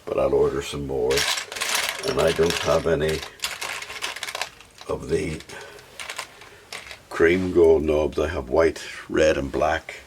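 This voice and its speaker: A Scottish hobby guitar builder talks casually to himself and the viewer in a workshop vlog, his rumbling low voice slow, fairly even, and full of pauses. Now and then he breaks into sudden sing-song bursts, with faint background noise and clicks on the recording.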